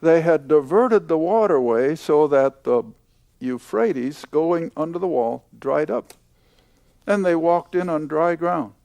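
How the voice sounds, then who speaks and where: An older man teaching a Bible lesson to a class, slow and emphatic, repeating key points. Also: a little high, creaky, darkish tone, no echo.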